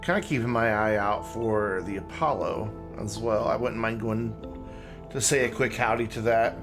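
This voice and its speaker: A man streaming a video game, giving relaxed, chatty commentary and thinking aloud as he plays. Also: on the low side, moderate pace. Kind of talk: casual gameplay commentary. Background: game music.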